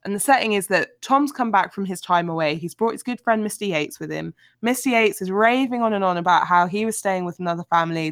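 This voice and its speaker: A woman hosting a casual book discussion, talking in an animated, chatty way with frequent filler words. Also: fairly low pitch, no echo, clean studio sound. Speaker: podcast host.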